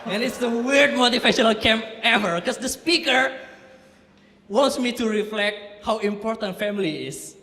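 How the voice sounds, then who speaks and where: A young man with an Indonesian accent doing a stand-up comedy set, telling dark jokes with deadpan timing. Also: moderate pace. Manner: deadpan delivery of dark jokes, lively swings in pitch. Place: comedy club stage before a laughing audience. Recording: roomy club echo with audience laughter.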